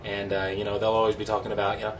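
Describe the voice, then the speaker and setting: A man's voice: lowish voice, monotone, racing. Young guy rambling easygoing vlog talk, mic kinda far away, little noise hum. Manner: rambling, easygoing, self-deprecating. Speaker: vlogger. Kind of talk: casual chat. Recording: distant mic with faint background noise.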